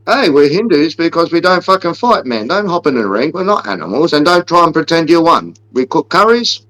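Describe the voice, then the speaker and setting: A man's voice: on the high side, sing-song, fairly quick, a bit bright, rough recording. Brash man ranting. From Australia. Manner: brash, swearing, joking rants. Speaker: podcast co-host. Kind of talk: casual podcast banter.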